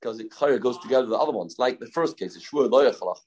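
A man's voice: mid-range voice, racing, a little mellow, husky. A man giving a daf yomi Talmud lesson, explaining step by step and repeating key phrases. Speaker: Talmud teacher.

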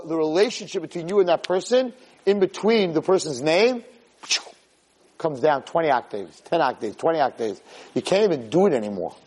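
Animated, husky-voiced man giving a Torah lecture. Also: low-quality recording. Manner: animated, acts out shouting parents in high pitch. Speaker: Torah teacher.

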